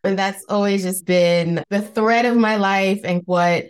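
A woman's voice: medium pitch, steady tone, unhurried, clear, resonant tone. A woman in her thirties from the Bronx with a Bronx New York accent, chatting expressively as a podcast guest and laughing often. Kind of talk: casual interview chat.

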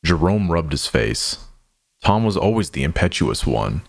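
A man narrating an audio drama in a measured, somber storytelling manner. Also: sits low, very animated, vocal fry, slightly rough.

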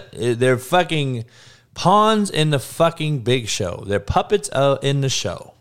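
A man's voice: medium pitch, sing-song, slow pace, a bit bright, smooth. A man hosting a live podcast, ranting bluntly with constant profanity, repeating lines for emphasis and calling out listeners by name. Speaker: podcast host.

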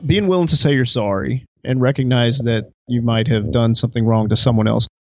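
A man's voice: mid-range voice, a little fast. A man co-hosting a podcast, asking a rambling follow-up question in a casual way. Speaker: co-host. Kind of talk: podcast interview. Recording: dry, dull audio with faint music.

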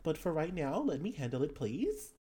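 An animated tabletop player takes charge of the scene and slips in and out of character. The voice sits at a middling pitch and stays lively and commanding. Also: normal speed, slightly rough. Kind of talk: tabletop game play.

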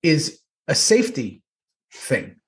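Brief: chatty actor host, profane storyteller, voice sits a touch high. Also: male voice, big pitch swings, takes it slowly. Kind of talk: casual rewatch chat.

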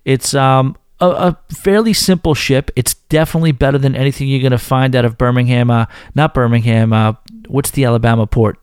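A man's voice: medium pitch, steady tone, normal speed, few pauses, clear, resonant tone, no echo, clean studio sound. Chatty man with a Northern New York accent. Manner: chatty, self-deprecating, interrupts emails with asides. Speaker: podcast host. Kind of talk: casual podcast chat reading listener emails.

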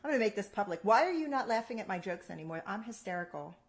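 A woman co-hosting a relaxed chat, ribbing her partner and spinning playful stories. Her voice sits at an ordinary middle pitch, with a chatty, lively delivery. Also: racing. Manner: playful teasing, animated storytelling with laughs. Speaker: co-host. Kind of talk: casual chat.

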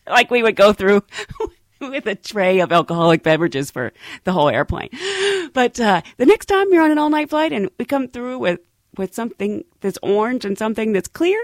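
A woman who works as a flight attendant, telling funny work stories in a casual, animated way and laughing often. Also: mid-range voice, normal speed, no room sound.

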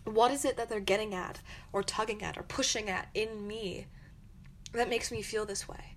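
A young woman with a mid-range voice and steady tone hosts her own podcast, moving at a moderate pace through a reflective monologue of earnest, encouraging advice, with some angry quotes acted out. Slight background noise is present.

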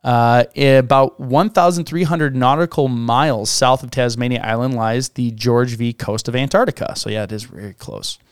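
A man's voice: mid-range voice, normal speed, few pauses, clear, resonant tone, dry recording, studio quality. A man co-hosting a podcast, reading out researched facts and breaking off to joke and laugh. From United States. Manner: reads facts then jokes and laughs. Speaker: podcast co-host. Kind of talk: casual chat reading research notes.

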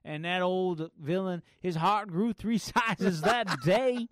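A man in a fairly high, smooth, clear voice, chatting casually and rambling on a podcast with plenty of fillers. The sound is dry and close to the mic. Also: takes it slowly, few pauses, dry recording. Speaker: podcast cohost. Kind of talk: casual chat.

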